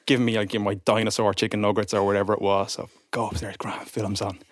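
An Irish man chatting on a podcast, spinning animated stories and slipping into other people's voices along the way. His voice sits on the low side and sounds dry and close to the mic. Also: fairly quick, no room sound. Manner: animated storyteller, acts out voices. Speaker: podcast guest. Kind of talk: casual anecdote telling.

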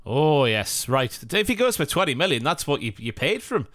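Guy in his 30s, chatty football podcast, fairly high voice, dry close sound. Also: brisk, no echo. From northeast England. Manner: animated, laughs often, storytelling. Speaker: podcast co-host. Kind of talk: casual football chat.

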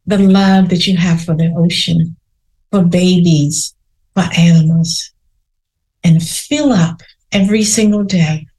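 A woman's voice: mid-range voice, a little mellow. A woman hosting a podcast, leading a guided meditation in a soothing way and repeating affirmations. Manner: slow, soothing, repeats phrases. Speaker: podcast host.

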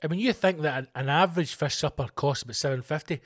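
Scottish man, podcast host, fairly high voice, swearing, ranting over news stories. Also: fast talker. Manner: reads news items aloud and riffs on them.

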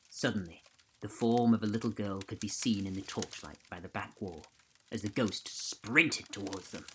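A man hosting a podcast, reading a ghost story aloud in a steady, measured way. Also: on the low side, slight background noise, poor audio. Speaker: podcast host and narrator.

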